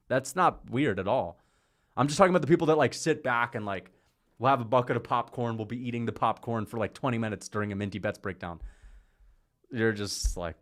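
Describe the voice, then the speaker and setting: A man's voice: mid-range voice, a little fast. Male streamer, casual rambling chat, jokey, laughs a lot, mock impressions. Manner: rambling, joking, laughs often; drops into mocking impressions. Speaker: livestreamer. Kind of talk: casual livestream rant.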